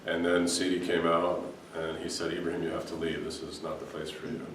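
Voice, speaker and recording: A man's voice: deep voice, flat delivery, brisk, fairly bright tone, slight background noise. A man giving an earnest spiritual talk to a gathering as a Sufi teacher, telling stories with many restarts. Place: hall in front of an audience. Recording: echoey room, voice from a distance.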